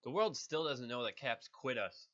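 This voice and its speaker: A man's voice: mid-range voice, animated, moderate pace, pushed and bright, lo-fi sound, voice pushed up. A man voicing an earnest, worried archer hero in a raised voice, sounding slightly nasal from a cold.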